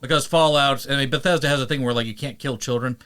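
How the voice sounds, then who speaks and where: A man hosting a podcast and chatting casually, animated and quick to slip into playful voices; he narrates audiobooks. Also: mid-range voice. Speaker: podcast host. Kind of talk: casual chat.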